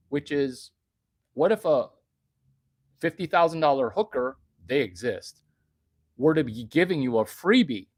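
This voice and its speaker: A man giving a brash, bragging comedic monologue, talking provocatively and suddenly getting louder for emphasis. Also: medium pitch, no echo, clean studio sound. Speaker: vlogger.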